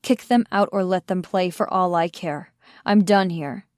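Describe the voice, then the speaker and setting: A woman's voice: fairly low pitch, unhurried, darkish tone, no room sound, studio quality, lightly acted. A woman narrator voicing a furious, menacing young man in an audiobook, clipped and mocking.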